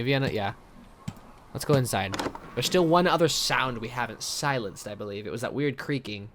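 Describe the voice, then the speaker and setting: A man playing a story game, reading the text aloud and thinking out loud in casual commentary. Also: medium pitch, big pitch swings, measured pace, a little hiss or hum. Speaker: let's player.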